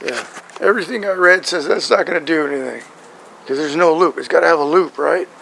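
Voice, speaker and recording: Brief: gravelly, slightly high-voiced man, rambling DIY explainer with faint outdoor hum behind. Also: a little fast, sharp tone, poor audio. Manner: rambling, checks in with "right?" and "okay?". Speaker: truck owner showing his engine. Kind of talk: casual how-to explanation.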